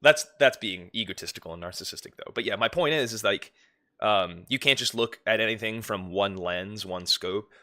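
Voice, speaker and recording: Young male streamer, low and bright, rambling casual chat. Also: moderate pace. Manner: rambling, chatty, swears casually.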